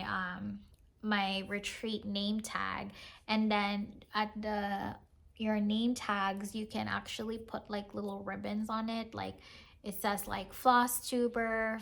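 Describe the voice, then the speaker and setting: A woman's voice: mid-range voice, gravelly, fairly bright tone, a little hiss or hum. A woman chatting casually as a craft vlogger, showing off her purchases and giggling as she talks, with lots of "like"s. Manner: chatty, giggly, says "like" often. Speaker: cross-stitch vlogger. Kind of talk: casual show-and-tell chat.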